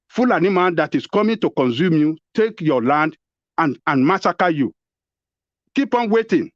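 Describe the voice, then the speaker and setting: A Nigerian man with a slightly high voice argues hard, cutting in and repeating himself as he presses his case. The sound is close and dry but muffled, like a lo-fi stream. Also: no echo. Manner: combative, interrupting, repeats himself. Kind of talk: heated live debate.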